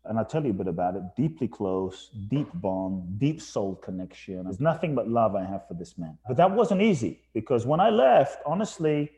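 A man's voice: lowish voice, expressive, moderate pace, few pauses, warm tone. A man guesting on a podcast, telling his life story earnestly and emphatically, often repeating phrases for effect. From England. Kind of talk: reflective storytelling interview.

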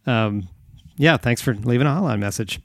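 A man's voice: mid-range voice, normal speed, dry recording. Male podcast host, dry sound. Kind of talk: casual chat.

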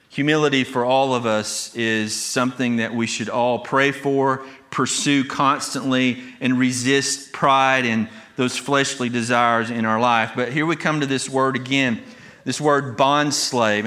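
Male pastor, sermon delivery, emphatic and earnest, bright tone. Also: medium pitch. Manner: earnest, emphatic preaching with repeated restarts.

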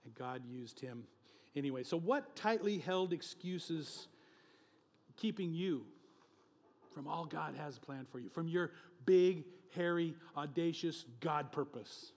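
A male pastor preaching a sermon with emphatic, animated delivery, often chuckling between points. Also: on the high side, slow pace, long reverb tail.

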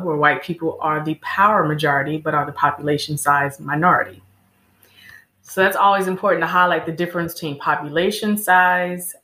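A woman's voice: on the low side, pushed and bright. A woman answering interview questions in an emphatic, lecturing way, often listing examples. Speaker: guest. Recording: echoey room.

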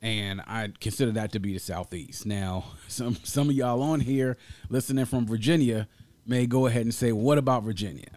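This D.C.-area podcast co-host has a medium-pitched voice and talks at a normal speed in a relaxed chat. Lively and long-winded, he laughs often, and the recording is dry with no echo.

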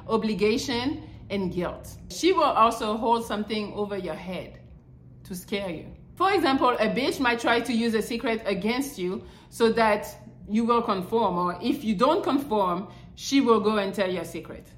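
A woman's voice: medium pitch, normal speed, roomy sound. A woman hosting a podcast, giving blunt, crude relationship advice and mocking the people she describes. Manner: crude, animated, swings into mocking quoted voices. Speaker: podcast host.

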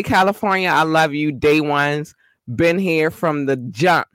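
A host, doing casual shout-outs and speaking affectionately to the listeners. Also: mid-range voice, a little slow, smooth, dry recording. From Baltimore, Maryland. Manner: affectionate, repeats thanks to listeners.

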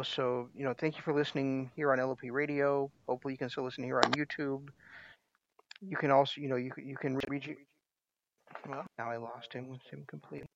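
A man's voice: medium pitch, vocal fry, slight background noise. A man hosting a casual radio show, talking in a rambling way with frequent restarts. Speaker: host. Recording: dry, slightly dull lo-fi sound.

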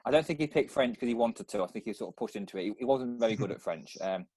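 A man's voice: medium pitch, expressive, rapid-fire, a little mellow, breathy edge, dry recording. A young man, co-hosting a casual podcast and telling rambling stories full of restarts. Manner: rambling storyteller, many restarts. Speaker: podcast co-host.

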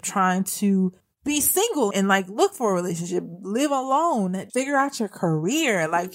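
A young adult woman hosting a faith-based podcast, talking earnestly and conversationally to her listeners. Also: medium pitch. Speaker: podcast host.

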